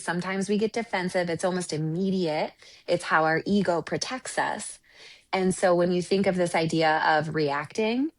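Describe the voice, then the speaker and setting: A woman relationship coach and Reiki practitioner talking earnestly in an interview, often checking in with "right?". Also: lowish voice. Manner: reflective, earnest, often ending points with "right?". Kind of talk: conversational interview storytelling.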